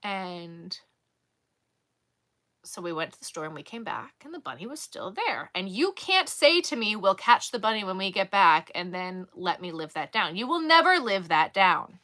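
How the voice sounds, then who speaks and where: A woman vlogger casually telling a story in an animated, exasperated way. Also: fairly low pitch, moderate pace. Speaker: crochet vlogger.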